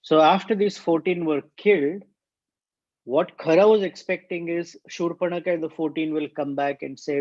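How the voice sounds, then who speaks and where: A man teaching a scripture class, reciting verses and explaining them in an unhurried way. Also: a little high, fairly even intonation, darkish tone, no room sound. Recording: dull, dry lo-fi recording.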